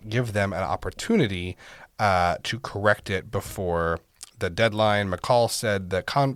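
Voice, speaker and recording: A man co-hosting a casual political podcast, reading news and then getting worked up and loud as he argues. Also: fairly low pitch, dry recording, clean studio sound. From Oklahoma. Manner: gets worked up, rising loud and animated. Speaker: podcast co-host.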